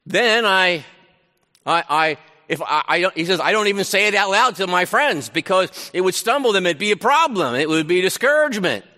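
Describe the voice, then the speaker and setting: Guy preaching, bright forceful voice, kinda high, chatty about scripture, big church echo. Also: normal speed. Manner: conversational, animated paraphrasing of scripture with restarts. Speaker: pastor. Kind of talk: sermon.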